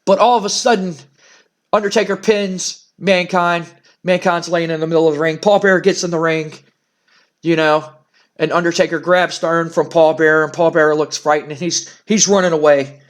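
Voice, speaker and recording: A man's voice: fairly high pitch, fairly even intonation, moderate pace. A man dramatically narrating a wrestling simulation playthrough, play-by-play style. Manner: storytelling play-by-play, hyping announcements. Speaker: game narrator.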